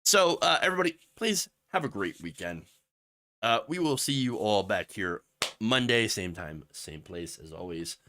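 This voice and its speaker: A man's voice: on the low side, expressive, normal speed, sharp tone. A man hosting a political commentary livestream, ranting with sarcasm and then rambling through viewer messages. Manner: impassioned, ranting, with sarcastic mock quotes; rambling asides with fillers, reads chat messages.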